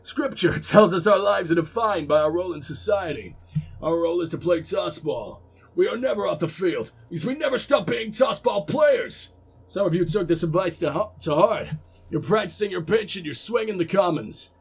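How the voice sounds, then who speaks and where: A stern sports coach lectures his team in a game voice-over, as a Cockney man puts him on. The gruffness is forced and the voice sits high and husky. He drills points home like a disappointed mentor. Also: animated, moderate pace, full character voice.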